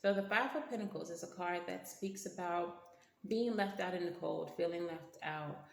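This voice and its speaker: Brief: woman tarot reader, lowish gravelly voice, blunt slangy delivery, roomy echo. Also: moderate pace. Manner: blunt, slangy and profane, talks to the cards. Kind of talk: casual tarot reading.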